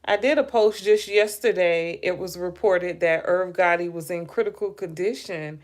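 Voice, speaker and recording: Here a woman with a fairly low voice speaks at a moderate pace while hosting a casual stream about celebrity news. She reflects out loud, turns to her viewers directly, and sounds sleepy, yawning again and again.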